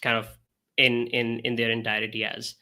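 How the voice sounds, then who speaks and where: A man's voice: mid-range voice, completely flat delivery, normal speed, bright, forceful tone. A man co-hosting a casual interview who speaks hesitantly, with many filler sounds. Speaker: co-host.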